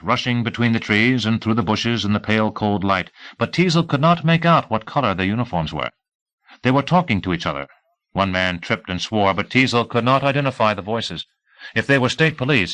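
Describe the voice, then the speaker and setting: Un homme lisant un roman, voix claire et sèche. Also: male voice, fairly low pitch, no room sound. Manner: steady, measured reading. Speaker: audiobook narrator. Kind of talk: scripted narration.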